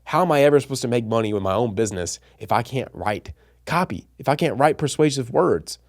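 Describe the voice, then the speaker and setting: A man's voice: mid-range voice, lively intonation, a little fast, creaky. A man hosting a casual educational vlog, talking straight to his viewers in an enthusiastic, nerdy, chatty way. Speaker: channel host and coach.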